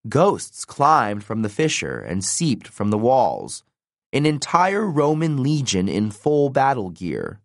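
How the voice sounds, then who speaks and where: A man narrating an audiobook in an expressive, dramatic reading style, recorded on a close studio mic. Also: medium pitch, slow pace, creaky, dry recording. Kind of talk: scripted narration.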